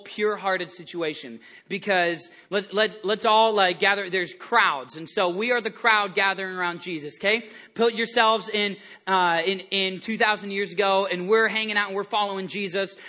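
A male pastor preaching a sermon to his church, animated and lively, stumbling over restarts and acting out the people in his stories. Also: high voice, normal speed, hardly any pauses. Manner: animated, acts out quoted voices, many restarts. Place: church service before a congregation.

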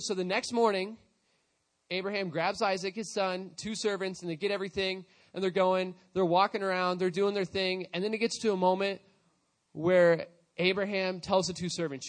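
High-voiced man telling a Bible story. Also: moderate pace. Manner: casual, animated retelling with quoted voices. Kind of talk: storytelling sermon.

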